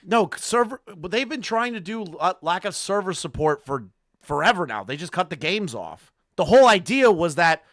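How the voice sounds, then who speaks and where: A man hosting a reaction stream, excitable and swearing, shouting in disbelief at a clip. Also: sits high, moderate pace, dry recording, clean studio sound. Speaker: streamer host.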